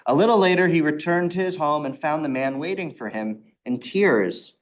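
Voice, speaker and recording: Speaking at a normal speed in a slightly high voice, this rabbi leads a casual Torah study session. His delivery is conversational, full of restarts, and he performs the quoted lines in his stories.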